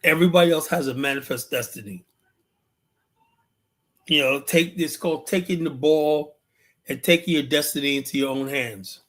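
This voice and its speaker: A man holds forth in a streamed monologue. His voice sits a little high for a man, and he drives his points home through repetition and rhetorical questions. He trails off as he hunts for words, then pushes on. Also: moderate pace, long pauses, fairly bright tone. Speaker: political commentary streamer. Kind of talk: livestream monologue.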